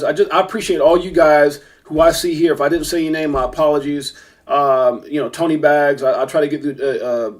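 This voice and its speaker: Effusive New man, higher voice. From Brooklyn, New York. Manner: effusive, grateful, rambling with many fillers and restarts. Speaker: crypto channel host. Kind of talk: casual livestream chat with viewer shout-outs.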